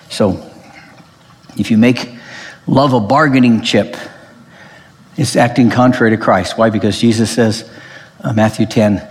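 Male pastor, emphatic sermon delivery, very lively pitch, long hall reverb. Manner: animated, emphatic preaching with frequent restarts.

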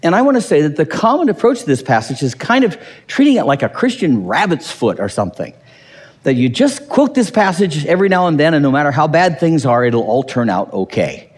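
A man preaching a sermon, animated and sarcastic, quoting and mocking ideas he disagrees with. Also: fairly high pitch, a little fast. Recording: long reverb of a hall.

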